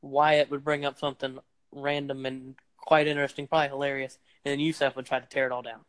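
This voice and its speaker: A man's voice: mid-range voice, level tone, fast, smooth. A young man hosting a casual podcast, rambling and playful with lots of fillers, recorded on a phone microphone. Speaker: podcast host. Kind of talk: casual chat.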